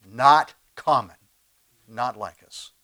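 A man preaching a sermon as pastor, conversational and animated, with sudden swings between loud emphasis and quiet asides and frequent rhetorical questions. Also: medium pitch, slow. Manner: animated preaching with big swings in loudness and pace.

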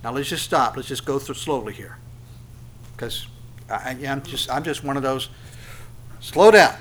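A man preaching a sermon, animated, asking rhetorical questions and repeating phrases for emphasis. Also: medium pitch, moderate pace, slight background noise. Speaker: pastor.

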